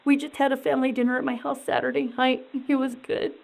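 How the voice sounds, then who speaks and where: A distraught, dazed woman answering questions in a police interview, halting and rambling and repeating herself. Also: high voice, flat delivery, vocal fry, low-quality recording.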